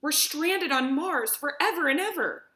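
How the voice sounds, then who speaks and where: A woman's voice: high voice, animated, a little slow, pushed and bright, voice pushed up, exaggerated voice. A woman voicing a frightened young girl who sobs and pleads as she reads a story aloud. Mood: sobbing. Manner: crying, pleading. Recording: echoey room.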